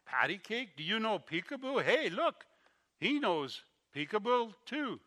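A man voicing a ragged, gentle old man in a firm, commanding tone within a sermon story. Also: high voice, very animated, measured pace, pitched above the performer's own voice, exaggerated voice. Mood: playful.

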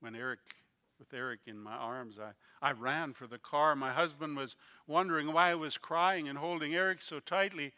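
A man preaching a sermon, telling a story slowly and with feeling, his volume rising and falling. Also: fairly high pitch. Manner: slow, emotional storytelling with swings in loudness.

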